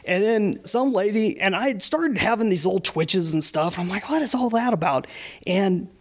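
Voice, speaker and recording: A man's voice: high voice, expressive, normal speed. A man in a group discussion, sharing a candid personal testimony in a shaky voice that sounds close to tears. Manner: earnest, rambling and candid.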